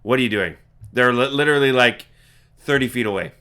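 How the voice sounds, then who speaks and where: A man narrating as game master of a tabletop game, talking in halting bursts full of fillers. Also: medium pitch, bright, forceful tone, clean tone. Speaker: dungeon master.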